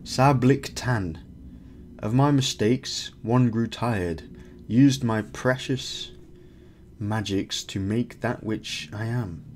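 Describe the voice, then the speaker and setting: A man reading the lines of a sad male cave creature who was once a wizard, in slow, halting speech. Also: medium pitch, darkish tone, slight background noise, lightly acted. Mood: mournful.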